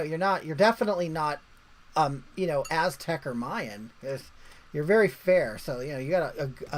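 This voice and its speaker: A woman's voice: fairly low pitch, poor audio. A woman hosting a livestream in casual chat, rambling along and reading viewer comments aloud. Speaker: livestream host.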